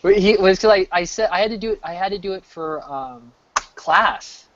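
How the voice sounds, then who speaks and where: An American man in his thirties chatting casually while he streams, rambling, restarting sentences and getting animated. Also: high-pitched, moderate pace, background noise. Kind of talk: casual chat. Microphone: desk mic. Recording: dull lo-fi mic.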